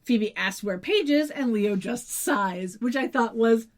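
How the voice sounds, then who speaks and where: Wry, laughing woman with a higher voice. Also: expressive, a little slow. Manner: laughing, wry and swearing casually. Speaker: podcast co-host. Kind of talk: casual recap chat.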